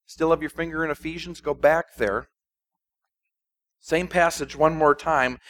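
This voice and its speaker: A man preaching a sermon, animated and emphatic, asking the congregation rhetorical questions and dropping to a hush for emphasis. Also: fairly high pitch, measured pace. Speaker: pastor.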